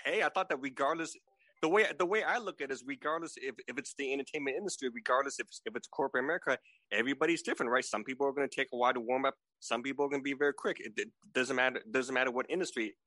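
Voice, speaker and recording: Male guest, forties, rapid-fire and bright, stumbling over repeated words and checking for agreement; dry close sound. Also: medium pitch, dry recording, poor audio. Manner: stammering, repeats words, seeks agreement with "right?". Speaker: podcast guest. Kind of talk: casual remote chat.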